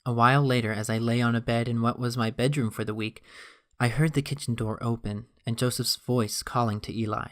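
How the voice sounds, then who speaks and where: A man narrating a first-person story in a steady, even reading voice. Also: mid-range voice, a little fast.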